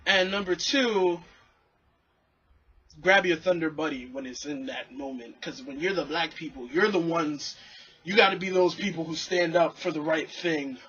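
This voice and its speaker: A young man vlogging, telling a story in a casual, animated, profanity-laced way. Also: fairly high pitch, breathy edge, dull audio. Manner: animated, swearing, acts out quotes.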